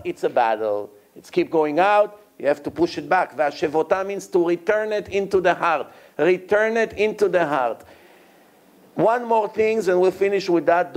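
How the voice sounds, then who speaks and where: Man, rabbi, Torah lecture, lively delivery, fairly high voice. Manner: animated, acts out quoted dialogue in a raised voice; non-native English with grammar slips.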